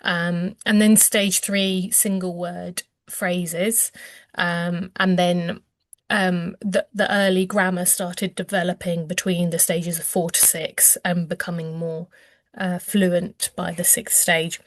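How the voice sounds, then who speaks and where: A woman's voice: on the low side, little pitch movement, slow pace, dry recording. A woman, a clinician explaining language development as an interview guest, hesitant with many ums and restarts. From England.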